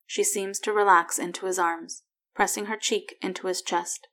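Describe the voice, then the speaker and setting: Soft-spoken woman reading a story. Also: fairly low pitch, little pitch movement, moderate pace. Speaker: narrator. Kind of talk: fan fiction reading.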